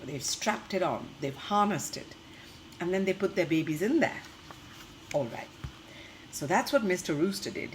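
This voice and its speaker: A young woman teacher, reading a story to children and explaining it in a gentle, questioning manner. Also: fairly low pitch, expressive, moderate pace, pauses often, slight background noise, low-quality recording.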